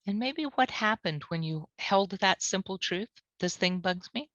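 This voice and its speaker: A woman trainer leading a guided tapping lesson, calmly repeating short phrases as she walks through the points. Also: mid-range voice, no echo. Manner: calm, repeats phrases slowly. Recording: dull lo-fi audio.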